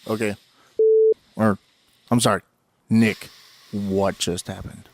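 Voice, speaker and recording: A man's voice: fairly low pitch, level tone, slow. A man co-hosting a casual podcast, talking loosely and using lots of fillers. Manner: loose, filler-heavy chatter. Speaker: podcast co-host. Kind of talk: casual chat.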